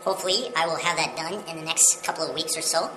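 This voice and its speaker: Woman, casual video teacher, low-pitched, friendly step-by-step explainer; roomy sound. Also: quick pace, heavy background noise. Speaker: yodeling teacher. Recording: roomy echo with music behind.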